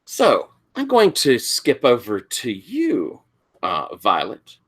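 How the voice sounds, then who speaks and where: A game master narrates a tabletop horror game at a slow, deliberate pace. The voice is bright and animated, with a wide melodic range. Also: medium pitch, husky. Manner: unhurried, lively storytelling.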